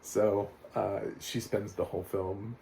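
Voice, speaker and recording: A man's voice: fairly low pitch, steady tone, slow pace, gravelly, mellow, a little hiss or hum. A man reviewing a film in casual, rambling talk with sarcastic asides.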